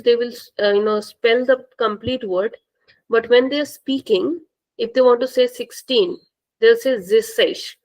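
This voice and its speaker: A woman's voice: on the high side, darkish tone, poor audio. A woman, teaching a language lesson and carefully repeating words for her students. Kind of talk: classroom-style language lesson.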